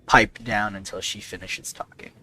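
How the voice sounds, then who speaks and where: Tabletop player, man, bright and animated. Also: lowish voice, moderate pace, a little hiss or hum. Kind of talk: casual tabletop game chat.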